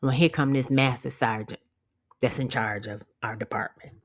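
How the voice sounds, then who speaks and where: A woman's voice: extremely low pitch, fairly even intonation, normal speed. A woman vlogger giving a casual motivational rant to viewers. She is blunt and profane, sassy, and laughs often. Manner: sassy, talks straight to viewers. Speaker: empowerment vlogger.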